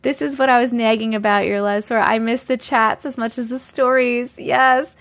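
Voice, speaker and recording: Speaking at a moderate pace with fairly even intonation, a woman hosts a live stream where she reads viewer stories and comments, chats casually, and laughs a lot. Her tone is fairly bright and her pitch fairly high.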